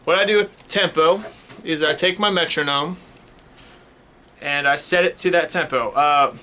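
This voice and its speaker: Brief: male music teacher, bright, slightly high voice, patient classroom explainer, faint hiss behind. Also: a little slow. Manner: patient, checks in with "okay?". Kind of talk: casual classroom instruction.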